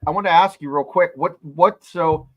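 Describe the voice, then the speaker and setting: A man's voice: a little high, no echo. Joking male podcast co-host. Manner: joking, offhand, quick asides. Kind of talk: casual sports chat.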